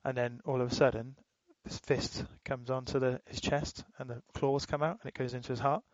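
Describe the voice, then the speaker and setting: Casting note: man, podcast co-host, loose swearing chatter, flat tone, dry close sound. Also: medium pitch, brisk, dry recording, lo-fi sound. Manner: rambling, swears freely, laughs while retelling. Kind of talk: casual chat.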